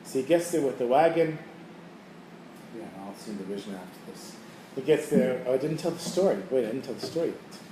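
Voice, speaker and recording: A middle-aged man tells stories to a group in a loose, casual way, slipping into the voices of his characters as he goes. His tone is mellow and low in brightness. He is recorded from some distance in a roomy, echoing space with a faint hum behind him. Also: brisk. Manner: casual, animated storyteller who acts out quoted voices. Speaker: teacher leading a holiday preparation class. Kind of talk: storytelling talk to a group. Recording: echoey room, mic at a distance, faint background noise.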